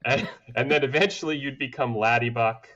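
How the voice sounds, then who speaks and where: A man who grew up in Atlanta, a guest on a podcast, telling stories about his life in a relaxed, conversational way and laughing often. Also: deep voice, measured pace, highs cut off. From United States (grew up in Atlanta). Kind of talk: casual conversational storytelling.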